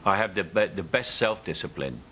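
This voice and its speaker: An older Cockney man with a low voice, spinning anecdotes in a relaxed interview. He drops into other people's voices whenever he quotes them. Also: a little fast, a little hiss or hum, poor audio. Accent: Cockney London. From England. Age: 70s. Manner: storytelling, mimics others in quotes. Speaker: interviewee actor. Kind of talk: casual anecdotal chat.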